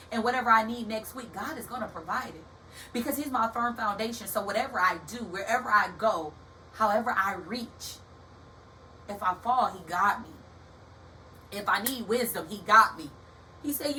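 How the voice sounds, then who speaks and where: A young woman hosting a motivational podcast in a casual, animated way, calling her listeners baby and y'all, like a preacher. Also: a little high. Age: young adult. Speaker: podcast host. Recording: distant from the mic with faint background hiss.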